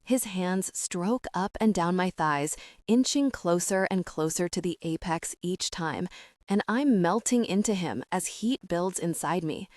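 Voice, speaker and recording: Woman narrating a romance audiobook softly. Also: lowish voice, animated, measured pace, no echo, clean studio sound. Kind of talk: first-person romance narration.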